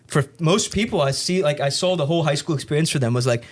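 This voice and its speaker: A young man hosting a podcast, chatting casually and swearing freely as he tells animated stories. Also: a little high, quick pace. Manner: profane, storytelling, animated.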